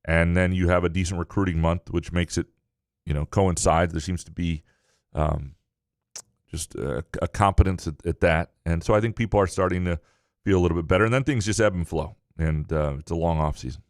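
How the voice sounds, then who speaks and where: A man co-hosting a sports podcast, answering listener questions in a casual, halting way with frequent restarts. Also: low-pitched, no room sound, studio quality. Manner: halting, many restarts and fillers. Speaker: podcast co-host.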